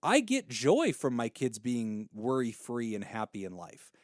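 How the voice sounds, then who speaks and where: A man's voice: medium pitch, huge pitch swings, measured pace. A man in his thirties speaks earnestly on a podcast, his voice sitting in the middle of the male range. The sound is dry and close, with no room echo, and he talks with heartfelt sincerity. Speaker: podcast host giving advice. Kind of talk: casual advice podcast.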